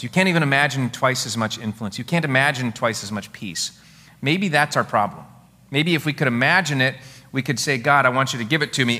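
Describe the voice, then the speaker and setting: A middle-aged male pastor preaches with a bright, forceful voice. He tells his stories in an animated, expressive way. The sound carries a long reverb, as in a large hall. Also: medium pitch. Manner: storytelling, animated, laughs at his own stories. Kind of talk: sermon.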